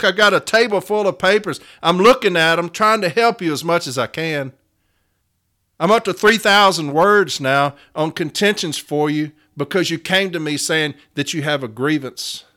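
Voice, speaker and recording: Middle-aged male union steward, impassioned repetitive delivery, bright tone. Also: a little high. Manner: fervent, repetitive, preacher-like cadence. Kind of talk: impassioned talk to union members.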